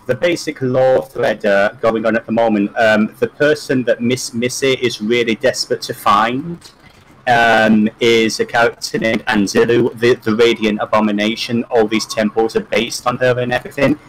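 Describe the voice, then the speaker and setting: A man's voice: medium pitch, steady tone, normal speed, slight background noise, poor audio. A man playing a tabletop game, explaining lore hesitantly with many fillers. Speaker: player. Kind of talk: casual game chat.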